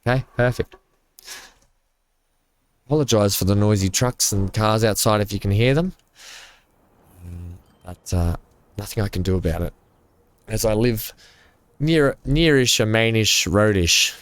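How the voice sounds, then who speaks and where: Rambling low-voiced gamer. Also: male voice, unhurried, long pauses, clear, resonant tone, dry recording. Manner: rambling, joking, thinks out loud. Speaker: gaming channel host. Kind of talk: casual let's-play commentary. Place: home.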